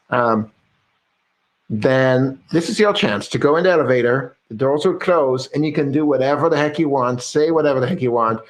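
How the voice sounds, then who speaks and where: A man's voice: mid-range voice, poor audio. A man co-hosting a casual video-call show, joking and rambling with frequent laughs. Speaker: co-host. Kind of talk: casual chat.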